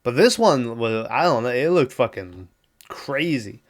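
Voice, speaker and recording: A man's voice: mid-range voice, animated, measured pace. A man hosting a podcast, rambling through a movie plot in a loose, profane way and acting out the characters' lines. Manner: profane, rambling storytelling with quoted voices. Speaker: podcast host. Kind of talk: casual solo movie recap.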